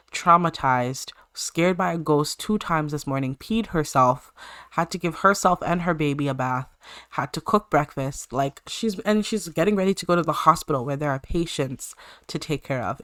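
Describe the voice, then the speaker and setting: A woman's voice: deep voice, moderate pace, a bit bright, no room sound. A woman hosting a let's-play, chatting through her life-sim gameplay and talking straight to her game characters. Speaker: gaming channel host.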